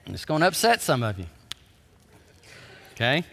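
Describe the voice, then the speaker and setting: Animated preacher in a reverberant hall. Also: male voice, moderate pace, vocal fry. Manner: animated preaching, swings from hushed to loud and high. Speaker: pastor. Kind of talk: sermon. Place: church sanctuary.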